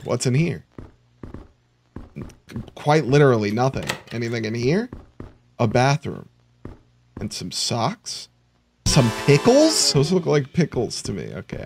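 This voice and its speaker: A man's voice: medium pitch, big pitch swings, measured pace, gravelly, pauses often, slight background noise. A man joking sarcastically through a let's play commentary. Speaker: gamer.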